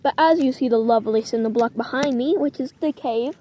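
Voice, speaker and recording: A woman's voice: high-pitched, fairly quick, dark tone, slight background noise. A young woman talking casually to her camera outdoors in the cold, rambling and often apologizing. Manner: chatty and rambling, with frequent apologies. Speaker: vlogger. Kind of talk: casual outdoor vlog chat. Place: outdoors in the cold, sitting on rocks.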